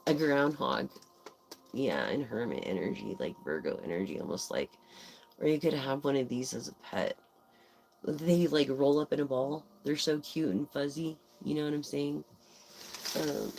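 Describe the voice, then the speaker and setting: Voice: medium pitch, animated, moderate pace, creaky, noisy background. An adult tarot reader giving a casual live reading, rambling and meandering with lots of fillers and the odd swear word.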